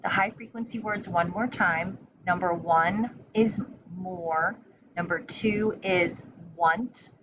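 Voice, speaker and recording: A young adult woman teacher dictating a spelling test to children, slowly and carefully, with long pauses between words. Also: on the low side. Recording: slightly dull recording with faint room noise.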